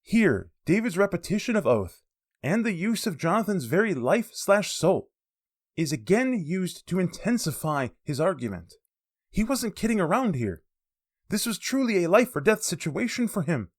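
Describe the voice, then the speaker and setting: A man giving a sermon that explains a Bible passage, lively and expressive, with casual asides. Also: sits high, moderate pace. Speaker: preacher.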